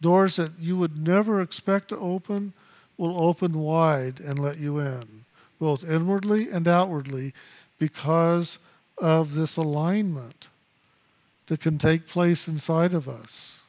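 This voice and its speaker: A man with a notably high voice teaches a meditation practice. He speaks in slow, measured phrases and circles back to repeat his key words. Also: a little mellow. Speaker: spiritual teacher.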